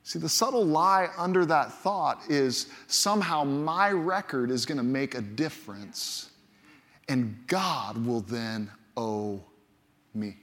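A man's voice: mid-range voice, expressive, takes it slowly, a bit bright. A man preaching a sermon as pastor, emphatic and repeating key phrases for effect, in a large church. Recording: long hall reverb from a church.

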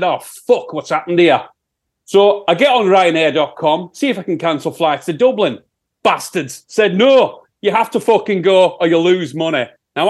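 A man voicing a cocky, sweary rock singer with a put-on Sheffield accent, rambling crudely. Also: a little high.

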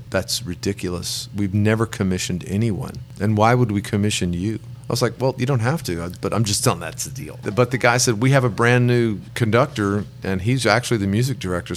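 Low-voiced middle-aged man telling stories. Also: a little hiss or hum. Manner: rambling anecdotes, acts out quoted people, chuckles. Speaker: guest songwriter. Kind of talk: relaxed storytelling in an interview.

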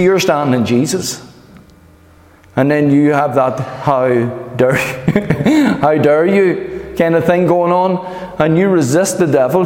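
A man preaching a sermon as pastor, emphatic and animated, calling for amens from the congregation. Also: fairly high pitch. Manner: emphatic, animated preaching with repeated calls of amen. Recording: echoey hall reverb.

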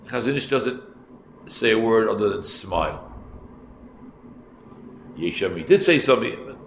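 A rabbi teaching a class, telling a story in an unhurried way, repeating phrases and adding asides for his listeners. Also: lowish voice, expressive, gravelly. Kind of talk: storytelling Torah lesson. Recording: echoey room, faint background noise.

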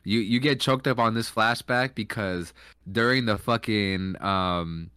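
A man's voice: lowish voice, a little slow, pushed and bright, clear, resonant tone, no echo, clean studio sound. A young man co-hosting a casual chat, talking loosely with lots of slang and fillers.

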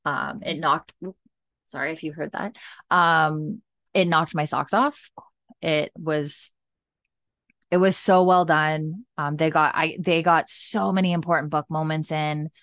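A woman's voice: sits low, steady tone, measured pace, fairly bright tone, no echo, clean studio sound. A woman hosting a podcast, chatting casually and gushing about recent episodes, with lots of fillers. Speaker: podcast host. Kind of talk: casual chat recap.

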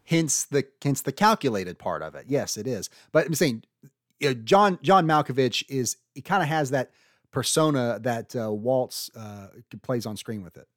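A man's voice: mid-range voice, animated, moderate pace, fairly bright tone, no room sound, clean studio sound. A man co-hosting a casual podcast debate, making earnest arguments with frequent restarts. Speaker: podcast co-host arguing casting picks.

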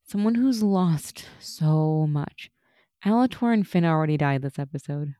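Female podcast co-host, chatty recap voice, mellow, dry close sound. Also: low voice, animated, moderate pace, no room sound. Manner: chatty, laughs often. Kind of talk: casual recap chat.

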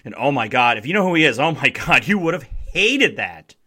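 A young Midwestern man from Wisconsin hosting a casual sports podcast from his basement, his voice a little hoarse from shouting, talking in an excitable, sarcastic, emphatic way. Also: mid-range voice, brisk. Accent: Midwestern American. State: strained, slightly hoarse voice. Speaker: podcast host. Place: home basement.

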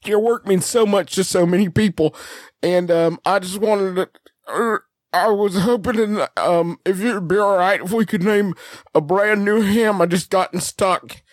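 A man's voice: sits high, unhurried, dry recording, studio quality, pitched above the performer's own voice. A man doing a prank-call voice of a rambling, flustered small-town ham seller. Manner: awkward, oversharing, flustered prank-caller rambling. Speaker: prank caller.

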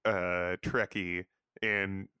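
A man's voice: deep voice, flat delivery, bright, forceful tone, smooth, dry recording. A man co-hosting a casual podcast, joking and often restarting his sentences. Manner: halting, jokey, many restarts. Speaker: podcast co-host. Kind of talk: casual chat.

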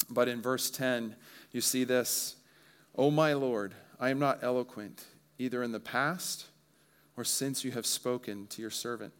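Smooth-voiced male preacher explaining scripture. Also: lowish voice, a bit bright. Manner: earnest expository preaching with relatable asides. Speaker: pastor. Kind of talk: sermon.

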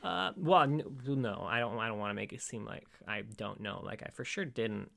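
A man's voice: lowish voice, normal speed, creaky, fairly bright tone. A man in his thirties co-hosting a podcast in casual chat. He is sarcastic and laughs often. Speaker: podcast co-host.

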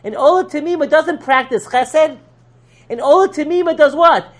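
A man, a rabbi, teaching a lively Torah class, posing rhetorical questions and answering them with jokes, his voice swinging from low and quiet to loud and high. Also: moderate pace.

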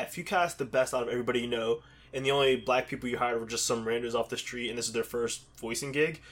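A man from Pittsburgh in loose conversation, his voice sitting at an ordinary middle pitch. He rambles and restarts, padding his points with fillers. It sounds like an easygoing chat. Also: a bit bright. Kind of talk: casual chat.

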